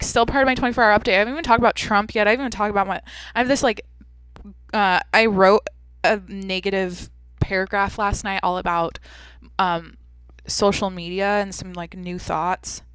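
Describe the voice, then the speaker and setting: A woman's voice: medium pitch, a bit bright, clean tone, no room sound. Rambling young woman podcaster, dry sound. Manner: rambling, swearing, lots of fillers like "like" and "dude". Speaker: podcast host. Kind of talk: casual solo podcast rant.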